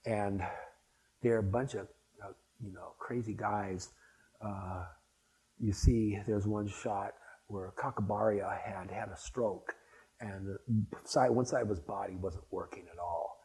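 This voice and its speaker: A man's voice: fairly low pitch, fairly even intonation, a little slow, a little mellow, poor audio. An older man speaking to a spiritual gathering, rambling and anecdotal, with frequent restarts as he reminisces. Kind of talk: reminiscing talk to an audience.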